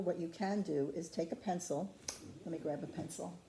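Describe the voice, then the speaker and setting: A woman's voice: lowish voice, moderate pace, gravelly, slight background noise. A woman patiently demonstrating ceramic painting step by step, chatting to the camera as she works. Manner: calm, patient, chatty instruction. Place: craft studio.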